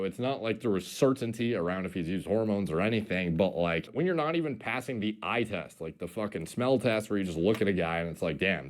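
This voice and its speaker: A man with a lowish voice rambles through casual commentary. He strings thoughts together with "like" and "you know" and swears freely along the way. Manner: rambling, filler-heavy, profane. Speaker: video commentator.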